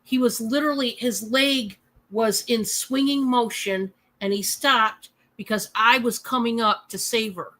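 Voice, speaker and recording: A woman's voice: on the high side, fairly even intonation, unhurried, fairly bright tone, rough recording. A woman hosting her own livestream at home, telling a personal story in a rambling, heartfelt way with lots of fillers and restarts. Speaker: channel host.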